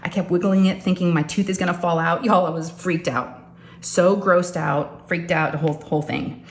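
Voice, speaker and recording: A middle-aged woman chatting casually as a crafting vlogger, animated and talking straight to her viewers. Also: on the low side, moderate pace. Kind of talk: casual storytelling chat. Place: home craft room. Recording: echoey room with faint ambience.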